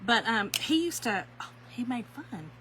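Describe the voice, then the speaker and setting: A woman's voice: on the high side, very animated, unhurried, a bit bright, slight background noise, rough recording. A woman with a Southern accent, hosting a craft livestream in casual, teasing chat and laughing often. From US North.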